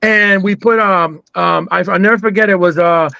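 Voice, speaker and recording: A man's voice: sits high, steady tone, moderate pace, gravelly, bright, forceful tone, no echo, muffled recording. A man hosting a casual podcast chat, loose, joking and profane.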